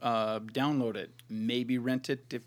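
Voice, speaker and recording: In a slow, steady, medium-pitched voice, a podcast co-host reviews movies in a loose, rambling conversation. He's sarcastic and swears a lot along the way.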